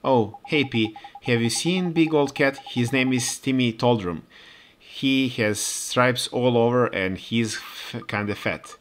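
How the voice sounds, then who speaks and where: Quiet, earnest boy hero with a low, hesitant delivery, read by a male player. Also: takes it slowly, close to an everyday voice. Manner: earnest, hesitant, soft-spoken.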